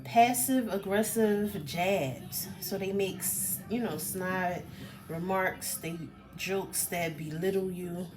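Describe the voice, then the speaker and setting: A woman talking casually to camera as a personal development coach, chatty and expressive, with many fillers. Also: lowish voice, slow, music in the background. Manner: chatty and expressive, with fillers, acts out quoted remarks.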